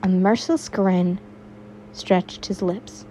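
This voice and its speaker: A woman's voice: medium pitch, measured pace, a little mellow, highs cut off, a little hiss or hum. A young woman reading fan fiction aloud in a casual way, stumbling now and then and adding her own asides. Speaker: fanfiction reader.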